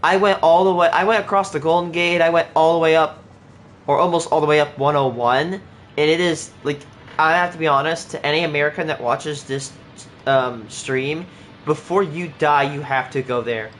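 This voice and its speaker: A man's voice: on the high side, normal speed, fairly bright tone, slight background noise. A man chatting casually on a livestream while he plays, rambling with lots of "like" and restarts. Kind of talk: casual chat while playing a game on stream. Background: clear background music.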